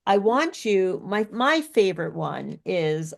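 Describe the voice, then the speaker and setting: A woman's voice: mid-range voice, sing-song, takes it slowly, vocal fry. A woman speech coach teaching an online workshop in an explanatory, coaching way over a video call.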